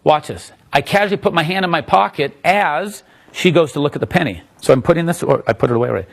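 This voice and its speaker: Husky-voiced magician explaining a trick. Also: male voice, fairly high pitch, fast. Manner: chatty, self-interrupting, laughs at himself.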